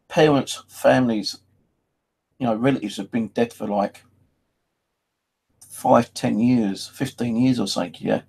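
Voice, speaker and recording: A man's voice: mid-range voice, creaky, darkish tone, breathy edge, rough recording. A man talking in a casual, rambling personal monologue, full of "you know" and freely swearing. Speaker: vlogger.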